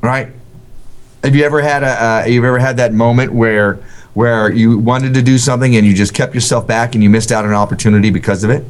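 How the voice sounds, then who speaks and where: A man co-hosting a casual group discussion and taking calls, speaking in an animated way and quick to agree. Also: medium pitch, clean tone.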